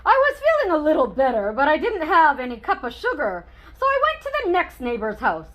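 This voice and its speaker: A boastful storybook wolf spins his version of events in a wry, chatty way, voiced by a woman reading aloud. The voice sits very high and bounces around with a bright, sharp edge. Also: wildly swooping pitch, fairly quick, exaggerated voice, poor audio. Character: boastful male wolf telling his side. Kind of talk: children's book read-aloud.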